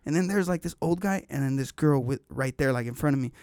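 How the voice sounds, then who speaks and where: A man on a podcast telling a long story in casual chat, animated and full of slang and swearing. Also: medium pitch, fast talker, no echo, studio quality.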